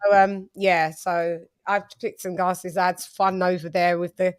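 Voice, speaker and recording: A woman hosting a casual chat, telling lively stories and acting out what people said. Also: on the low side, a little slow. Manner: animated, storytelling with quoted voices. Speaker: host.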